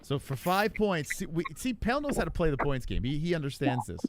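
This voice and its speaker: A man's voice: fairly high pitch, sing-song, fairly quick, noisy background. A man hosting a live stream show, running a points game and laughing often. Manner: laughs a lot, runs the game. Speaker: podcast host. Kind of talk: casual live-stream chat.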